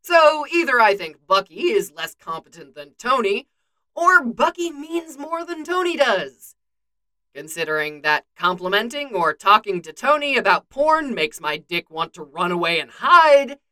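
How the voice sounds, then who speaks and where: A woman's voice: on the high side, pushed and bright, full character voice. A woman voicing a wisecracking young male archer who teases and mocks himself. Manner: teasing, self-mocking.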